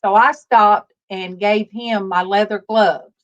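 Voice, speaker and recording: A woman hosting a casual faith-based livestream, telling stories slowly with many fillers over a video call. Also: mid-range voice, fairly even intonation. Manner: rambling, warm storytelling with many fillers. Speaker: livestream host. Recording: dull lo-fi stream audio.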